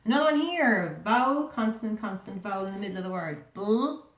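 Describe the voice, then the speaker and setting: An Irish woman teaches a young class to read, speaking at an everyday middle pitch. She is patient, sounds words out slowly and keeps asking the children questions. Her voice rings a little in an echoey room. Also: expressive, slight background noise. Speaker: primary school teacher. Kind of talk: recorded remote reading lesson.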